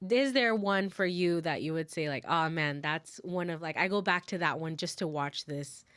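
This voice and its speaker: A woman's voice: sits low, moderate pace, a bit bright, smooth, dry recording. A woman chatting casually on a podcast, talking with lots of "like" and "you know". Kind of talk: casual chat.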